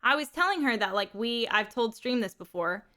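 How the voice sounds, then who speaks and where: A young woman chatting casually on her live stream while she plays a game, her voice sitting a little higher than most. She tells rambling, animated stories, piling on fillers and restarts as she goes. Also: normal speed.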